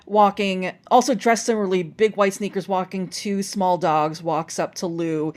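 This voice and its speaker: A woman guest on a podcast, telling animated stories in casual chat and filling her talk with "like". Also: mid-range voice, moderate pace. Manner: animated storytelling, lots of "like".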